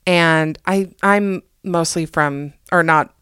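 A woman's voice: on the low side, slow pace, fairly bright tone, clear, resonant tone, no echo, studio quality. A young adult woman from the United States hosting a podcast, chatting casually with jokey, self-deprecating asides. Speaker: podcast host. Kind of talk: casual comedic monologue.

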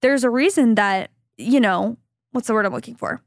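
A woman's voice: fairly high pitch, moderate pace, dry recording, clean studio sound. A woman from Southern California co-hosting a podcast in casual chat, exaggerating her stories and imitating other people's voices. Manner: chatty, exaggerates stories and mimics her partner's voice. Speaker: podcast co-host.

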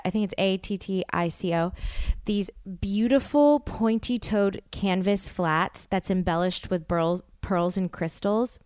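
Podcast host, woman in her 30s, rambling and animated, smooth voice, dry close mic. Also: on the low side, no room sound. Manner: rambling, animated storytelling with quoted asides. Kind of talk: solo storytelling podcast.

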